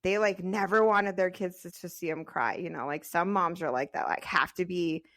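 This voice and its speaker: A woman's voice: fairly low pitch, normal speed, a bit bright. A woman in her thirties co-hosting a podcast, chatting casually and peppering her talk with "like.". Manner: chatty, frequent "like" fillers. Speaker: podcast co-host. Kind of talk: casual chat.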